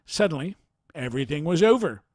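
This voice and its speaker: Man, narrator, formal measured reading, fairly high voice, dry close sound. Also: big pitch swings, darkish tone, no echo. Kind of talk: scripted narration of a near-death account.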